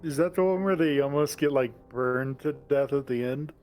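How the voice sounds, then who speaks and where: A man on an online voice call, reading visual novel narration and joking around in a calm, dry way. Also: mid-range voice, moderate pace, faint music behind. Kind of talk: casual chat and narration reading.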